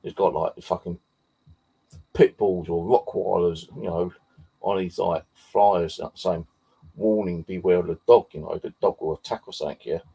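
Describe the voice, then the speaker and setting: Man, low husky voice, dark tone, casual sweary storytelling. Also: fairly even intonation, normal speed. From Bexley, southeast London. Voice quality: deep gravelly husky voice. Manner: heavy swearing, rambling with fillers. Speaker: paranormal vlogger. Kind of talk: casual rambling anecdote.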